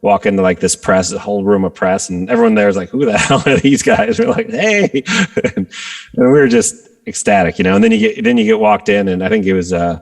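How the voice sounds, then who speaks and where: A man, a guest rock guitarist, telling stories in a casual interview and acting out quotes with sudden jumps in pitch. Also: fast, vocal fry. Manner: animated storyteller, acts out quotes with jumps in pitch.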